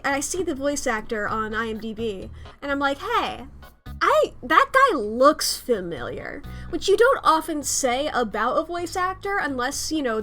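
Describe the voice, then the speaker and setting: Woman, young adult, high voice, casual stream chat, rambling, swears a lot, frequent laughter. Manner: rambling, animated, swears freely, laughs often.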